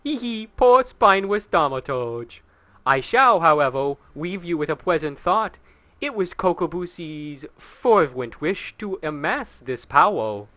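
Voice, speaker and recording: A man's voice: a little high, very animated, unhurried, sharp tone, dry recording, voice pushed up, full character voice. A man doing a giggling sinister demon. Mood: gloating. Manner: giggly, mocking.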